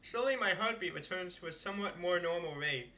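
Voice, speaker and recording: A man's voice: sits high, expressive, a little fast, sharp tone, a little hiss or hum. A male streamer reading a visual novel aloud and chatting about it in a rambling way, often laughing.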